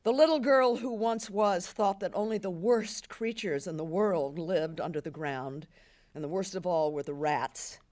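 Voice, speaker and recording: An older woman in her seventies giving an intense, expressive literary reading at a symposium. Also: on the low side. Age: 70s. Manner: intense, expressive, slowing for weight. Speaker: reader. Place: symposium event.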